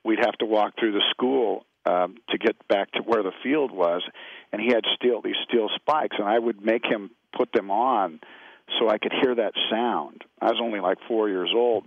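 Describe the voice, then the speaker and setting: On a radio interview, a middle-aged Californian actor from the USA tells loose, easygoing stories that wander. His voice sits on the low side without echo, carried by dull, lo-fi radio audio.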